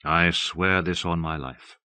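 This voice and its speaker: A man voicing a mild, patient old abbess in an audiobook, speaking softly and evenly. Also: deep voice, fairly even intonation, slow pace, clear, resonant tone, dry recording, pitched below the performer's own voice, full character voice. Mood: earnest.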